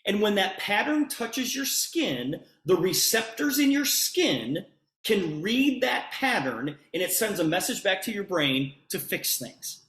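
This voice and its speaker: A man's voice: high voice, a little slow. Roomy-sounding man telling a sales story. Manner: animated storyteller, acts out both sides of a conversation. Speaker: presenter on a business opportunity call. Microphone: video call.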